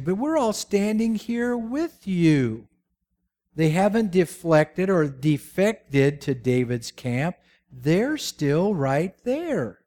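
A man's voice: fairly high pitch, very animated, takes it slowly, darkish tone. A man preaching a sermon, telling the story with jokes and rhetorical questions. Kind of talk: sermon with humorous asides.

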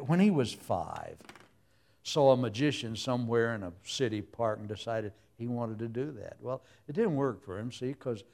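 A man's voice: medium pitch, darkish tone. A man preaching a sermon in a folksy, humorous way, full of everyday stories. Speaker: pastor.

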